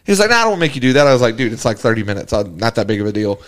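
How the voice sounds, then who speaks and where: A young podcast co-host talks rapid-fire in a medium-pitched voice, chatting casually. He's an animated storyteller who laughs often as he spins his tales.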